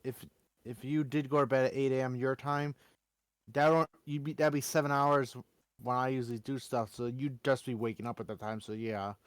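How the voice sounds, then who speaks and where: A man joins a stream chat and talks casually with a host, teasing him in a friendly way. His voice sits at an ordinary pitch. The recording is dry, with no room sound. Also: steady tone, moderate pace, clear, resonant tone, dry recording.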